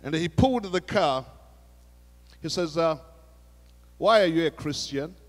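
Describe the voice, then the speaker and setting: A high-voiced man preaches in a church sanctuary, and long hall reverb trails after his words. He speaks slowly and moves from hushed storytelling to raised calls to the congregation. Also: expressive, faint music behind. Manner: storytelling preacher, shifts between hushed retelling and raised exhortation. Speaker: pastor. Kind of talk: sermon.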